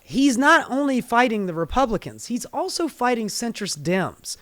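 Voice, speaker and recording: A man's voice: extremely high pitch, big pitch swings, moderate pace, fairly bright tone, no echo. Profane, heated male political ranter. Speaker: political commentary host. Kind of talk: ranting political commentary.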